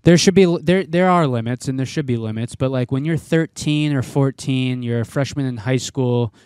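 A man's voice: medium pitch, moderate pace, darkish tone, clean tone, no echo, clean studio sound. A man co-hosting a casual podcast chat, rambling and restarting his thoughts as he goes. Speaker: podcast co-host.

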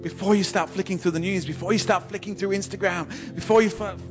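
High-voiced, emphatic male preacher in church. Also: steady tone, over music. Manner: emphatic, repeats and builds phrases, stammers on restarts; swings from loud exhortation to soft, slow intimacy. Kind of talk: sermon.

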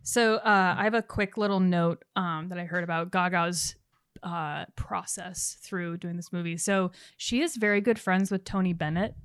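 A woman's voice: on the low side, fairly even intonation, normal speed, a bit bright, clean tone, no echo, clean studio sound. A woman co-hosting a podcast, bluntly sharing her notes on a film in casual chat and swearing freely. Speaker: podcast co-host. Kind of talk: casual movie-talk chat.

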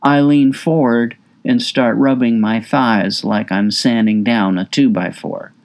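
A man's voice: medium pitch, steady tone, measured pace, a little mellow. A man narrating his own memoir as an audiobook, intimate and confessional, with raw emotion in his quoted words.

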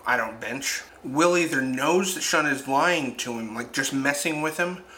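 A man talks through a film's scenes in a casual review, pausing for reflective asides. His voice is mid-pitched and bright with a forceful edge. A faint background hiss sits under the recording. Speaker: film reviewer. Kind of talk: casual film review narration.

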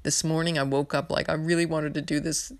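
Brisk and low-pitched, with little movement in her pitch, a New York astrology podcaster delivers a casual spiritual monologue. She wanders from point to point, heavy on fillers, and sounds earnest and emotional.

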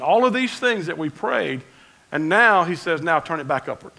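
A man preaching a conversational sermon as pastor, swinging between loud emphasis and quiet asides. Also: on the high side, animated, normal speed, vocal fry, rough recording.

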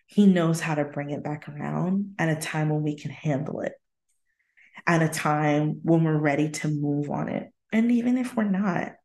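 A woman's voice: low voice, darkish tone. A woman hosting her own podcast from her apartment. She talks through her personal faith journey candidly and reflectively, breaking into laughter between thoughts. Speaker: podcast host. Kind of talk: casual faith-sharing monologue. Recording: roomy echo in a home room.

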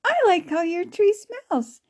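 A woman's voice: extremely high pitch, animated, slow, pitched above the performer's own voice, exaggerated voice. A woman voicing a sweet, polite young girl in a read-aloud storybook. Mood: admiring.

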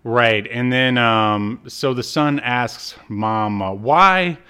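A man's voice: mid-range voice, slow, pushed and bright, clear, resonant tone. Male podcast co-host, clean resonant voice, amused storyteller who acts out the lines. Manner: laughs while retelling, acts out character lines. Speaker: podcast co-host recapping an episode. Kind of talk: casual chat.

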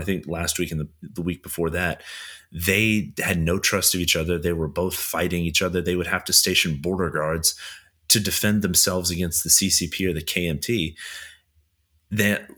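A man's voice: low voice, breathy edge. A man co-hosting a casual history podcast, explaining events at length with frequent fillers. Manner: steady explainer, frequent "you know" fillers. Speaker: podcast co-host.

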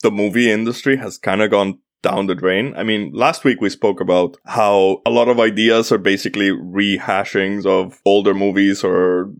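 A man from Italy co-hosts a casual podcast, wandering from point to point and padding it with fillers. His voice sits fairly low, and the recording is dry and close with no room sound. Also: steady tone, normal speed, hardly any pauses, dry recording. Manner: rambling, lots of fillers, easily sidetracked. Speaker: podcast co-host.

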